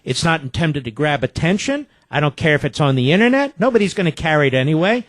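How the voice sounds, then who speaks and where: A man's voice: a little high, very animated, quick pace, no echo. A man hosting a talk radio show, delivering a combative, sarcastic monologue.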